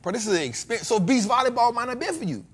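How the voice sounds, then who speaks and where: An American man hosting a casual chat, joking and breaking into loud exclamations. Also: very high-pitched, big pitch swings, racing, breathy edge. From United States. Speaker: podcast host.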